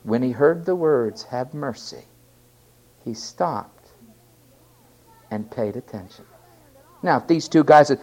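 Preaching with a fairly high, lively voice, this man takes his time and leaves long pauses. His delivery ranges from forceful shouts to near-whispers, and he repeats key lines for emphasis.

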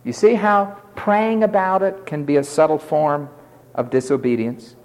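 Male preacher, high and lively pitch, emphatic delivery, long hall reverb. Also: unhurried. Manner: emphatic, dramatic preaching that acts out quoted voices. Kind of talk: sermon.

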